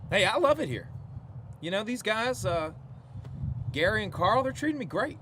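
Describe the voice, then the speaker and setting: An actor playing a washed-up former musician who rambles and gets emotional. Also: male voice, high voice, big pitch swings, normal speed, pushed and bright, slight background noise, exaggerated voice.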